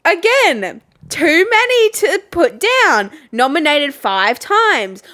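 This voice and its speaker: A woman co-hosting a podcast in casual chat, animated, swearing freely and laughing often. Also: high-pitched, slow. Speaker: podcast co-host.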